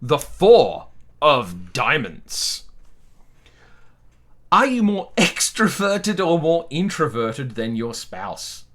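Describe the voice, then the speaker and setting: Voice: mid-range voice, big pitch swings, takes it slowly, a bit bright. Host of a role-play let's play, theatrical, playful, melody all over the place. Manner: playful, theatrical, laughing often. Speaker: game player and channel host. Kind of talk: tabletop role-play game chat.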